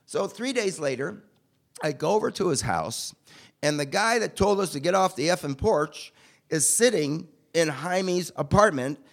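Man, casual storyteller, fairly high voice, gravelly fry, deadpan asides. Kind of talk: casual spoken anecdote.

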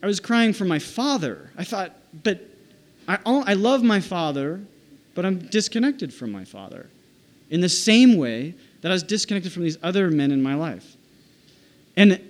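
A man telling a personal story in a halting, reflective way, with many restarts and "like"s. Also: sits high.

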